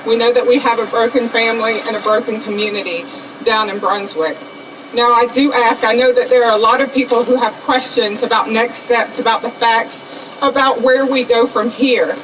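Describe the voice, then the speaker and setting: A woman district attorney giving a measured, formal press conference statement. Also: a little high, fairly even intonation. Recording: distant press-conference mic with background noise.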